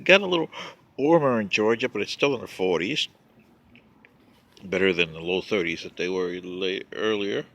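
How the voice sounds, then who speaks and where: A man's voice: sits low, animated, moderate pace, creaky, pauses often, a bit bright, dry recording. A man giving a rambling, sarcastic, folksy political commentary, coughing now and then.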